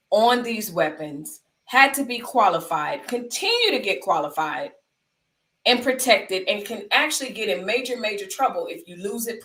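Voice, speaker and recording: A woman's voice: mid-range voice, a bit bright, distant mic. A woman from the United States hosts a live stream, talking through the news with her chat. She is emphatic and conversational, and she comes back to her points for stress. Her mid-range voice sounds roomy and sits away from the mic.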